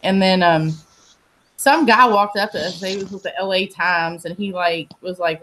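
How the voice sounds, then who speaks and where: A woman's voice: lowish voice, normal speed, a bit bright. A woman, telling stories in a casual, profane chat and laughing often. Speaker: host.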